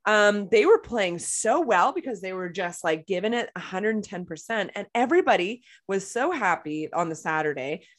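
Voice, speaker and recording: A woman, co-hosting a casual chat podcast, talkative and quick to laugh. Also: medium pitch, lively intonation. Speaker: podcast co-host.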